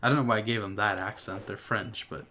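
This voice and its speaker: A man's voice: on the low side, steady tone, fast talker, pushed and bright. A man giving casual, joking commentary while streaming a video game. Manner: chatty, laughs at own jokes, nostalgic.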